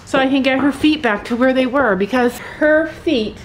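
A woman's voice: high voice, normal speed, noisy background. A woman in her fifties, vlogging casually from a cold barn, talking candidly and emotionally and now and then breaking off to chat to her animals. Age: 50s. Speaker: farm vlogger.

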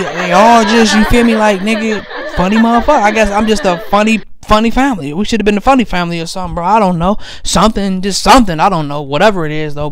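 A young comedian with a high, somewhat bright voice delivers crude, rambling stories about his family, swearing heavily and often breaking into laughter while repeatedly asking if you feel him. The sound is clean studio quality with no room sound.

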